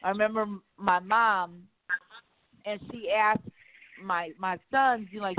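A woman radio talk host speaking in a casual, animated, emphatic way, often cursing and acting out quotes. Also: mid-range voice, normal speed, background noise. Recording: tinny phone-like line, dry.

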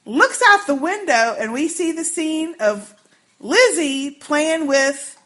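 A woman co-hosting a podcast, recapping a TV episode in casual chat, telling it with lively, animated quotes and free swearing. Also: high voice, slow. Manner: animated storytelling, acts out quotes, swears freely. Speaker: podcast co-host.

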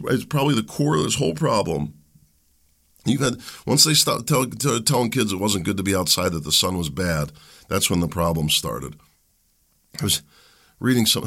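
Male talk show host, gravelly and lively in pitch, opinionated and sarcastic rambler.

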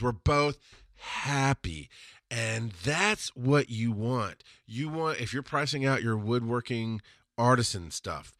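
Bright-voiced man giving chatty advice. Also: fairly low pitch, dry recording, studio quality. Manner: chatty and mentoring, tells stories and acts out customers. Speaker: podcast host. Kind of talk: casual advice monologue.

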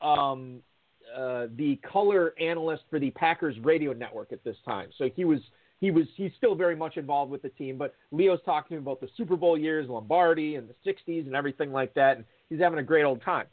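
A man with a fairly high voice tells a winding anecdote, stopping and restarting often and putting on the voices of the people in it. He comes through a narrow, tinny phone-like line. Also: fairly quick. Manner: rambling, animated storytelling with many fillers and restarts. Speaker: guest storyteller. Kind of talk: casual anecdote telling.

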